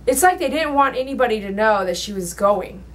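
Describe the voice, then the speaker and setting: A woman who works as a dog groomer, telling a personal story in her salon while she works, rambling and emotional with sudden loud exclamations. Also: a little high, animated, fairly quick. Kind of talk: casual storytelling while working.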